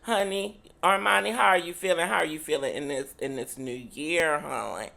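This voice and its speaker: Gravelly, sassy podcast co-host woman. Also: deep voice, moderate pace, pushed and bright. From United States. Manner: sassy, says "honey" constantly, swears freely. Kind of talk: casual podcast chat.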